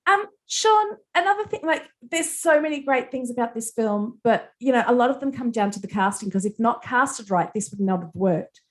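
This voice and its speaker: A woman's voice: fairly high pitch, expressive, moderate pace, few pauses. Effusive woman interviewing a director. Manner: effusive, laughs often. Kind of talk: entertainment interview.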